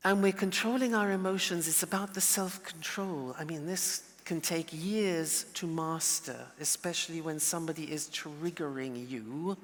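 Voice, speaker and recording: Brief: animated male lecturer, mid pitch, long hall reverb. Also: normal speed, hardly any pauses. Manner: lively, playful, animated demonstrations. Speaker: teacher. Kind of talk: lecture with role-play.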